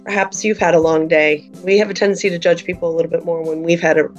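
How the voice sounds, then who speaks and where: A woman parenting coach speaks earnestly, walking a listener through practical advice. Her voice comes over a slightly muffled, lo-fi line. Soft music sits faintly underneath. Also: lowish voice, fairly even intonation, fast talker. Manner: earnest, acts out example dialogue. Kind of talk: advice-giving podcast conversation.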